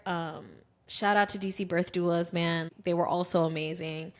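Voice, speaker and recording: This podcast co-host, a woman in her thirties, has a lowish voice and speaks at a moderate pace. In relaxed chat she shares a personal story, bringing it to life by performing other people's quoted words.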